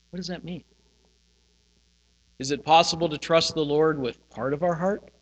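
A male pastor giving a sermon, teaching in a slow, reflective way and pausing on single words. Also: a little high, muffled recording. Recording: hall reverb with mains hum.

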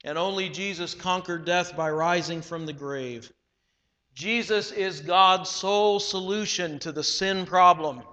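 Male preacher, high bright voice, slow deliberate delivery, echoing hall. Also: lo-fi sound. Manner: measured, emphatic preaching with slowed phrases. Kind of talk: sermon. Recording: long hall reverb.

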